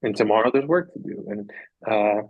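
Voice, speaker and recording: A man's voice: on the low side, lively intonation, moderate pace, dry recording, narrow, tinny audio. A man talking as a podcast guest in a reflective, casual way, earnest and rambling, repeating phrases for emphasis.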